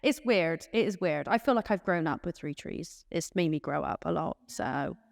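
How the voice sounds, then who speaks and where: A woman's voice: sits low, animated, normal speed, creaky, no echo, clean studio sound, big-room sound. A woman, a care team manager chatting in an interview and acting out little exchanges. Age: late 20s. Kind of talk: casual interview answers.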